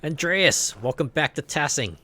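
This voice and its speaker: A man's voice: a little high, lively intonation, normal speed, pushed and bright, pitched above the performer's own voice. A man voicing a boastful, jovial middle-aged miller in a story-driven video game, reading the lines aloud. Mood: hearty.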